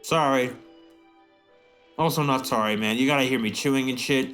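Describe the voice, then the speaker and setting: A man's voice: medium pitch, moderate pace, a bit bright, soft background music. A young man co-hosting a crude comedy podcast, rambling and swearing, sometimes slipping into silly put-on voices to act out scenes. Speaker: podcast co-host.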